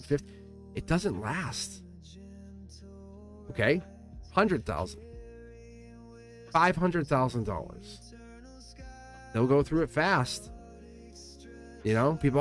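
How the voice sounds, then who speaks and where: A man's voice: medium pitch, sing-song, slow, pauses often, faint music behind. A man giving a live tarot reading to viewers, talking in an earnest, rambling way, repeating phrases and correcting himself mid-sentence. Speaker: tarot reader.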